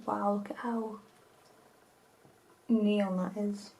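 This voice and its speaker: Gravelly-voiced woman chatting through makeup. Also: mid-range voice, level tone, extremely slow, darkish tone, rough recording. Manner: chatty and self-mocking, often dropping to a whisper. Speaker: makeup vlogger. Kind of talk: casual makeup tutorial chat.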